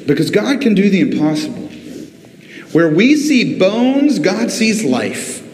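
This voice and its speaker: A man preaching a sermon as pastor, rising and slowing for drama, calling out to the congregation. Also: high voice, big pitch swings, a little mellow, slight background noise. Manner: preaching with dramatic rises and drawn-out pauses. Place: church sanctuary. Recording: echoey church hall.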